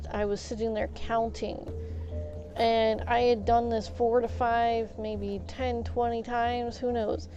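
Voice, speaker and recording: Woman streamer, unhurried and rambling, soft dark tone, casual storytelling. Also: fairly high pitch, lo-fi sound. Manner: rambling, full of fillers and restarts. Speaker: live streamer. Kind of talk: casual storytelling while gaming.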